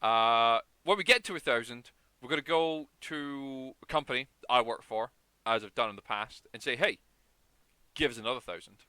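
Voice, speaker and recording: A man's voice: medium pitch, pushed and bright, clear, resonant tone, no room sound. A man hosting a charity stream over a video call, chatting in a rambling, jokey way. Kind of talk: casual chat.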